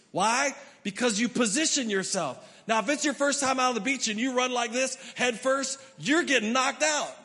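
A middle-aged male pastor giving an emphatic sermon, swinging from loud to hushed. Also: very high voice. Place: church hall. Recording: long hall reverb.

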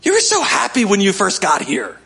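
Man, pastor, high voice, sermon, chatty, coaxing the congregation. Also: wildly swooping pitch, brisk, gravelly, sharp tone. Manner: conversational, coaxing the congregation to respond.

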